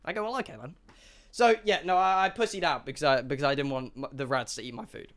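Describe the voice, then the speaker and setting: A young man streaming, telling a rambling, profane story to his live chat in an animated way. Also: medium pitch, fast, clean tone.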